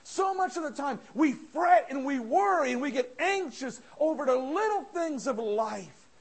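A man preaching a fervent sermon, often shouting with passion and addressing the congregation as friends. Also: very high-pitched, animated, unhurried. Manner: impassioned, shouting, calls listeners friends.

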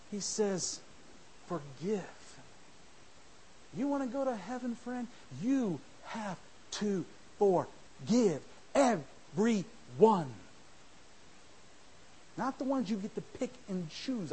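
A man preaching a sermon in church, rising to shouts and dropping to a hush, mimicking his listeners. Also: sits high, a little hiss or hum, poor audio. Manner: swings from shouting to soft, mimics church members. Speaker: visiting preacher.

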